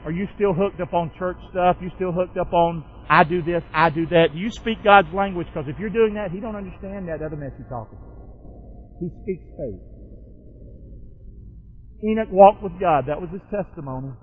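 A man's voice: high voice, normal speed, slightly rough, phone-quality sound. A man pastor preaching a sermon in a folksy, call-and-response way, firing questions at the congregation.

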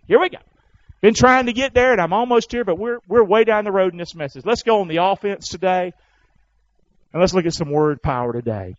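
High-voiced pastor preaching. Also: male voice, dry recording, lo-fi sound. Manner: call-and-response preaching, rising to loud fervent peaks. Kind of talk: sermon. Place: church.

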